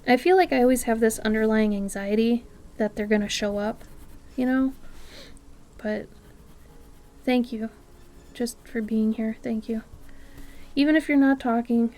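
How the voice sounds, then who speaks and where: A woman artist chatting casually with her live-stream viewers, often dropping to a soft near-whisper and breaking into excited exclamations. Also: fairly high pitch, measured pace, long pauses.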